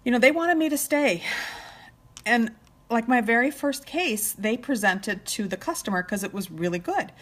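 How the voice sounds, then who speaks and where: A middle-aged woman chatting on a live stream while doing her makeup, heartfelt and at times tearful, often trailing off soft. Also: on the high side, expressive, normal speed. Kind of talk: emotional live chat. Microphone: phone or webcam live stream.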